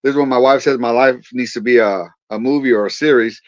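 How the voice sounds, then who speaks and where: A man's voice: medium pitch, fast, dry recording. A man in his forties from California's Central Valley, a pastor and veteran, earnestly retelling his testimony as a guest with quoted dialogue. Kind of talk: storytelling testimony. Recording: slightly dull dry recording.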